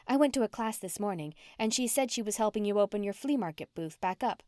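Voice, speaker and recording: A woman's voice: medium pitch, animated, fast, dark tone, dry recording, studio quality, natural voice. A woman reading the lines of an upbeat, lean female yoga enthusiast who speaks casually and cheerfully.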